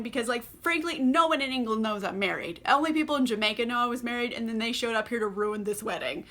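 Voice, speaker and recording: A young book vlogger chats casually while drinking wine, chatty and sarcastic and saying "like" in nearly every sentence. Her bright, forceful voice sits a bit high, and she talks quickly with hardly any pauses.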